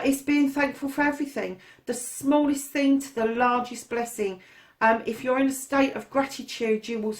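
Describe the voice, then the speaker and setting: A woman giving a casual spoken tarot reading, emphatic and repeating her key phrases, calling her listeners darlings. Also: on the high side. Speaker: tarot reader.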